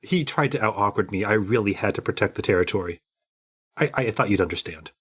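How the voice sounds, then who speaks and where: Husky-voiced man joking as a player. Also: fairly low pitch, expressive, fairly quick, a bit bright. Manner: joking, self-deprecating. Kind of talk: playing a character in a tabletop game.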